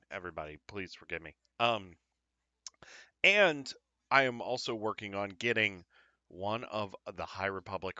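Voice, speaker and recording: Upbeat rambling man, bright and dry. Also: fairly low pitch, dry recording. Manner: rambling, upbeat, lots of fillers and apologies. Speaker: podcast host. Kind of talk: casual live-stream chat.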